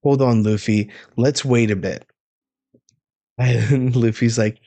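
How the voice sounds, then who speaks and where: A man's voice: mid-range voice, fairly even intonation, takes it slowly, pauses often, dark tone. A man hosting a live comic reaction, reading dialogue aloud and cursing casually. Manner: casual, swears freely. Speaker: manga reaction host.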